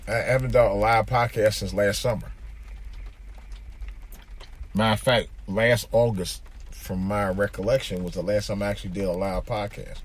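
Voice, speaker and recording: While driving, a man hosts his own podcast in a casual monologue, his fairly low voice steady at normal speed with long pauses. He rambles, repeats himself, and uses plenty of fillers.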